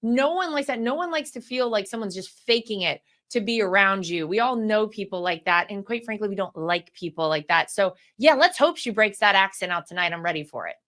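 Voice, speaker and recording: A woman's voice: medium pitch, animated, brisk, few pauses, a bit bright. A woman speaking as a guest in a political interview, emphatic and assured in her points.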